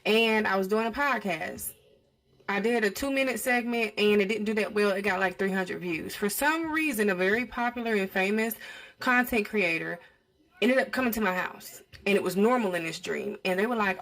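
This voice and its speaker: Young woman, casual storyteller, animated delivery, acts out the dialogue. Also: medium pitch, normal speed. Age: young adult. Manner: animated, acts out quoted speech. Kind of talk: casual storytime recounting a dream.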